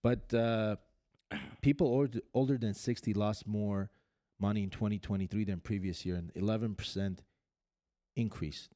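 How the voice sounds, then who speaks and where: A man's voice: on the low side, steady tone, normal speed, dark tone, no room sound, clean studio sound. A man hosting a podcast, chatting casually and running through news items with frequent fillers and restarts. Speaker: podcast host.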